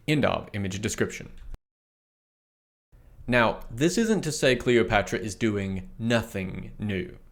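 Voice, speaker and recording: A man reading a history blog post aloud in a measured way, reading out its notes and image descriptions too. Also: lowish voice. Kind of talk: read-aloud narration of an essay with notes.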